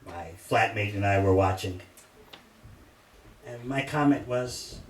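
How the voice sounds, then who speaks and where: A man's voice: on the low side, takes it slowly. Older man telling stories in an echoey hall. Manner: animated anecdotes, laughing audience. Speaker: monk giving a class. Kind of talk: storytelling sermon. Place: temple hall. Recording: echoey hall, distant mic, faint hiss. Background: audience laughter.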